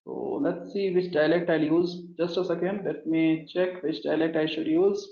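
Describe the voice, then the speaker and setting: Brief: male coding instructor, slightly high voice, walks through steps aloud, echoey dull recording. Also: animated, moderate pace. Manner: talks through steps while typing, often addresses the class as "guys". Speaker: programming instructor. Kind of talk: live coding lesson.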